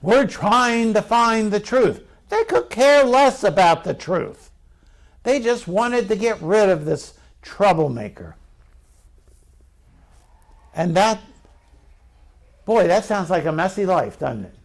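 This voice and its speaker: Gravelly-voiced preacher, high and unhurried. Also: male voice, expressive. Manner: conversational preaching with rhetorical questions to the congregation. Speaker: pastor. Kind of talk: sermon.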